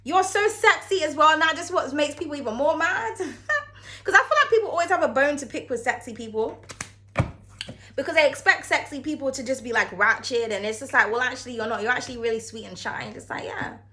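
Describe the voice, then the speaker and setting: A woman's voice: high voice, animated, a little fast, sharp tone. A woman giving a casual tarot reading to camera, chatty and frank, cursing freely and calling the viewer darling. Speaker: tarot card reader.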